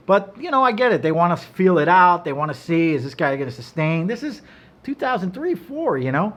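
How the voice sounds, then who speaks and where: A middle-aged man telling stories in casual chat, animated and profane, acting out quotes in a loud high voice. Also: fairly quick. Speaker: cigar brand owner. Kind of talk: casual storytelling.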